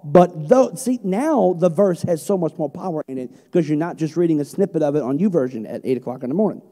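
A middle-aged male pastor preaching a sermon with passion, moving between loud emphatic peaks and quiet storytelling. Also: a little high, expressive, a little fast, few pauses. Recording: long hall reverb.

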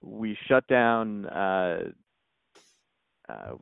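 Man, low voice, tinny phone-like line, dry, rambling casual sports talk. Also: very animated, drawn-out words, creaky, clear, resonant tone, no room sound. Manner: rambling, many restarts and repeated words. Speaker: podcast co-host.

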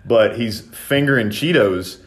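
A man telling a profane, animated story in casual podcast chat, shouting out the quoted lines. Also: mid-range voice, a little slow. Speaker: podcast co-host.

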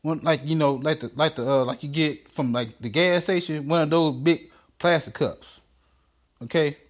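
A man's voice: fairly high pitch, normal speed, natural voice. A man voicing a brash, arrogant older president who is crude and barks profane orders. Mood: bossy, dismissive. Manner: bossy, profane, stammering demands.

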